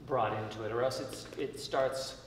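A man's voice: medium pitch, steady tone, normal speed, distant mic, a little hiss or hum. Man coaching violin in an echoey hall. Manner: constructive, thinking aloud with frequent restarts. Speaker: violin master class teacher. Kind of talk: master class coaching. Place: concert hall, indoors. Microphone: distant room mic. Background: violin and piano playing.

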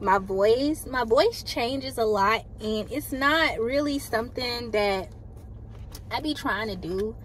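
A woman's voice: a little high, takes it slowly. A young adult woman vlogging casually, rambling and chatting straight to her viewers. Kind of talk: casual vlog chat. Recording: loud car noise behind.

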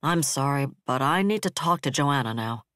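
A man voicing a bitter, level-headed male defense director who speaks flatly and harshly. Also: medium pitch, moderate pace, dry recording, clean studio sound.

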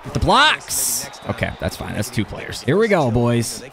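A young man commenting on his own football video game as he plays, excitable and talking to himself, often yelling at plays. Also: mid-range voice, unhurried. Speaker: gaming YouTuber. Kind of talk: live gameplay commentary.

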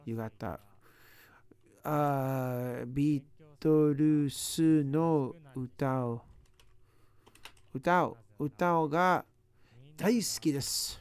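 A man's voice: medium pitch, extremely slow, pauses often, clean tone. A man working aloud through practice sentences, sounding out words and joking to himself as he studies. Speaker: language learner. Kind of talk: self-talk while studying.

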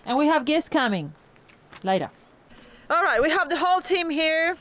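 A woman travel vlogger chats and asks questions with bright enthusiasm, her voice sitting a little high. The audio is from an outdoor camera, with steady noise running behind her. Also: poor audio. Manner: enthusiastic, quick to laugh. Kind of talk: casual interviewing chat.

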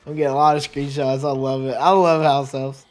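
A man's voice: medium pitch, little pitch movement, fairly quick, a little mellow. A man giving casual let's play commentary, rambling and chatty, often laughing and tripping over his words. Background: faint game music.

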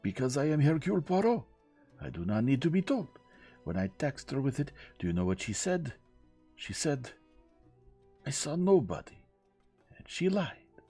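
A man reading gently, voicing a shrewd older male detective who speaks in a measured, formal way. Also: mid-range voice, very animated, slightly rough, soft background music, pitched above the performer's own voice. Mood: proud.

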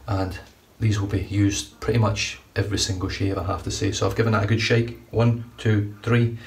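A man's voice: lowish voice, a little mellow. A man casually reviewing shaving products, chatty and enthusiastic, a little rambling. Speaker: shaving vlogger. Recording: distant mic, faint room noise.

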